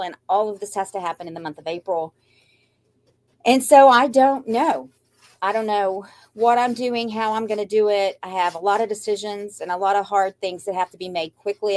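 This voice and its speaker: A woman's voice: mid-range voice, a little mellow. An older woman, talking to her viewers in a rambling, anxious way that turns defiantly upbeat, with a shaky voice close to tears. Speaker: craft channel host. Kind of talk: emotional live chat to viewers.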